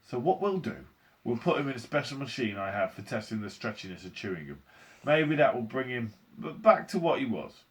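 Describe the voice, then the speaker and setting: A man voicing an eccentric, cheerful chocolate maker who talks in a brisk, playful, breezy way, reading a story aloud. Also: mid-range voice, very animated, natural voice.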